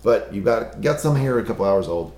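Low, hoarse, gravelly-voiced man. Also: lively intonation, a little fast, warm tone, reverberant. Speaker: podcast co-host. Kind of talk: casual chat.

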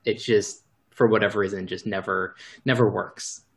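A man's voice: on the low side, steady tone, moderate pace, fairly bright tone. A man chatting casually as a podcast co-host, rambling with fillers. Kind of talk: casual chat.

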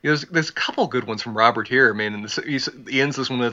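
Podcast co-host, male, very bright tense tone, slightly muffled lo-fi sound, relishes reading quotes. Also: mid-range voice, quick pace, hardly any pauses. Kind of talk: casual chat.

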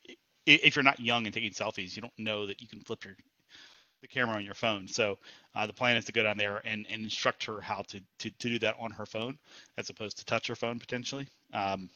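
A man's voice: fairly low pitch, bright, forceful tone, no room sound, muffled recording. A man chatting on a podcast, hesitant, with many fillers and repeated words. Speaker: podcast co-host. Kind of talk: casual chat.

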